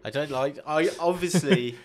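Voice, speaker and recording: A man with a cold and a husky, congested voice, co-hosting a casual chat podcast with dry, playful banter. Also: on the high side, moderate pace. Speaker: podcast co-host.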